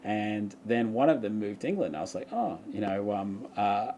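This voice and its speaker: Aussie bloke rambling thru a story on a live chat, mellow low-key voice, bit of faint hiss behind. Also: male voice, animated, moderate pace. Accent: Australian. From Australia. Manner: rambling storyteller, laughs often. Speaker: vlogger. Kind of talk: casual livestream chat.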